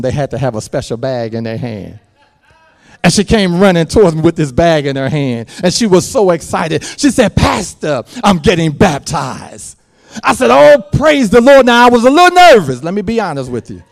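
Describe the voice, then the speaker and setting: A man preaching a sermon with a slightly higher voice. He drops to a low, quiet storytelling tone and then rises to loud, shouted, sung-out lines. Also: sing-song, fairly quick. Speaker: pastor.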